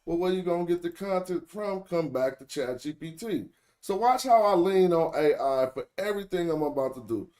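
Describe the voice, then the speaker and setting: A man's voice: high-pitched, animated, moderate pace, darkish tone. A man hosting a casual online tutorial, talking loosely and slangily to his viewers and often correcting himself mid-sentence. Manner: slangy, chatty address to viewers. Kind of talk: casual screen-share tutorial.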